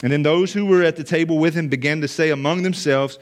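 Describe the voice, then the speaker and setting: A man's voice: on the high side, fairly even intonation, fast talker. Earnest male pastor preaching a sermon. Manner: earnest, emphatic, repeats phrases for weight. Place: church or meeting room with listeners.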